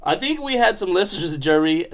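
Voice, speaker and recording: A man's voice: high-pitched, lively intonation, fast talker. Rambling profane young man host. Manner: rambling, profane storytelling with laughs. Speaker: podcast host. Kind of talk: casual comedic podcast banter.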